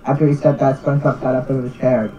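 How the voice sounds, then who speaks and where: A man's voice: mid-range voice, flat delivery, highs cut off. Young man giggling through a read-aloud. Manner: halting, stumbling reading, breaking into giggles. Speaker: reader. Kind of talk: reading a creepypasta aloud.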